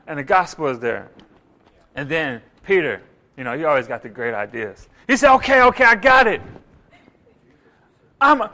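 A man delivers a sermon with a high, bright, ringing voice. He is animated, slipping into little acted-out voices and rising loud to hit his points. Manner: animated, acts out voices, rises loud for emphasis. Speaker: preacher.

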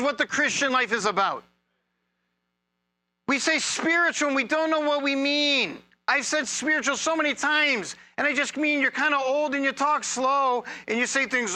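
A man preaching a sermon as a pastor, conversational and humorous, with energetic bursts of emphasis. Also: very high-pitched, fairly quick.

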